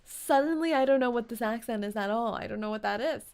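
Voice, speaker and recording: A woman streamer reading a game's story aloud and reacting with excitable commentary. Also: on the high side, fast. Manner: excitable, reads story text aloud, bursts into loud reactions. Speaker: streamer playing a game.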